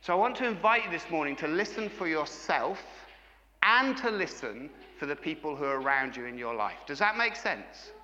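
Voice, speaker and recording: Engaging middle-aged preacher, lively delivery and a slightly raised voice. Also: male voice, on the high side, moderate pace, big-room sound, lo-fi sound, slight background noise. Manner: engaging, asks the congregation frequent questions. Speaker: pastor. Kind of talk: sermon.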